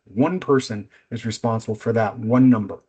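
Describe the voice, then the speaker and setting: A middle-aged man presenting a business seminar as a coach, speaking in a direct, energetic, instructive way. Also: mid-range voice, moderate pace, slightly rough.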